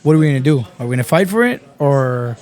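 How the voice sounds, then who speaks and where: A man from Texas, a podcast guest, telling stories in a casual, animated way, swearing often and calling everyone bro. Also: medium pitch, fast talker. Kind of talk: casual chat.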